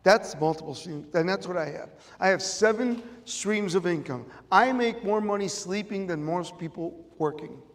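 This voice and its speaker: Before an audience in an event room, a middle-aged motivational speaker with a Chicago accent talks at normal speed with few pauses. His high voice drives home repeated key phrases emphatically, and the large room's long reverb colors the sound.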